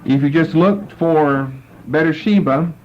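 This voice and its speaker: Man, Bible teacher, fairly high voice, patient explaining, dull lo-fi recording. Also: takes it slowly, soft background music. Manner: explanatory, walks listeners through verses. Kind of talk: classroom Bible lesson. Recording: dull lo-fi lecture recording with faint noise.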